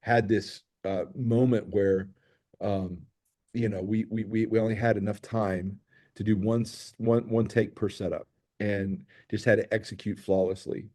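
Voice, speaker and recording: Middle-aged guy, low mellow voice, director chatting excitedly in an interview, lots of restarts. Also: measured pace. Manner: enthusiastic storytelling with many restarts. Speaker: film director and producer, guest. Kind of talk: interview chat.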